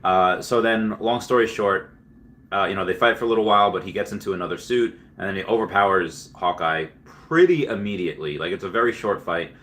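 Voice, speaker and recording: A man hosts a casual livestream in a rambling, offhand way, filling his talk with fillers and quick restarts. His voice sits on the lower side yet comes across bright and forceful. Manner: rambling, filler-heavy storytelling. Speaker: livestream host.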